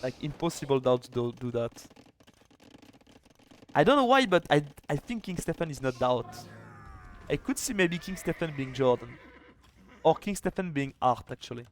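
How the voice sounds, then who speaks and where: A man casting a live strategy game match, chatty and excitable, with quick restarts. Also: fairly high pitch, a little hiss or hum. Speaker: esports caster and streamer. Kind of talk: live video game commentary.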